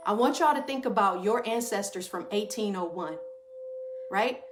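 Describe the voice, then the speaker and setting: A woman's voice: medium pitch, expressive, normal speed, over music. A woman giving an informal talk to a group, calling them y'all and tagging her points with questions. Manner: addresses listeners as y'all, asks them questions; talks in short rising phrases with tag questions. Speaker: speaker giving a talk on trauma and stress.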